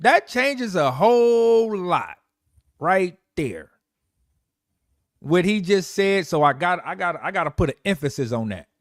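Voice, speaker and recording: High-voiced man hosting a lively stream. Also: unhurried, no room sound, studio quality. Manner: animated, joking, talks to viewers as y'all and folks. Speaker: livestream host. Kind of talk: live commentary on a played clip.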